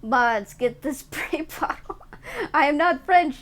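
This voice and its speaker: A woman's voice: high voice, slow pace. A woman streamer chatting casually and teasing her viewers while reacting to a video, laughing often. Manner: playful, giggly, teasing.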